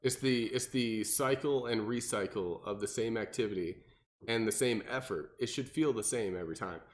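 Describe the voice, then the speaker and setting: A young man, a personal trainer, explaining workouts in casual podcast chat and acting out clients in mocking voices. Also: normal speed. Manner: animated, acts out clients with high mocking voices.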